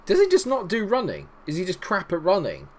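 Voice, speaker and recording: Excitable man, lively pitch. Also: fairly quick. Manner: excitable, jokey, talks to players on screen. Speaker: gaming YouTuber. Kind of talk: let's-play commentary.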